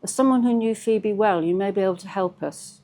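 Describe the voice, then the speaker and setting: A woman reading as a calm, polite police inspector. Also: mid-range voice, a little fast, close to an everyday voice. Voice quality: mellow, pleasant.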